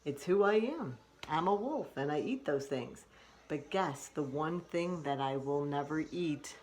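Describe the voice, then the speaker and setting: Woman reading as a low, slow, playfully menacing wolf. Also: lively intonation, a little mellow, slight background noise. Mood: playful menace. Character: hungry boastful wolf, menacing but silly.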